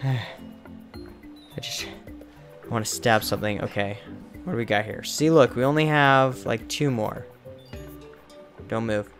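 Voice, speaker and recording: Slow-talking man grumbling through gameplay. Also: mid-range voice, music in the background. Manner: grumbling, exasperated, mild minced oaths. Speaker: let's play host. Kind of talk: casual gameplay commentary.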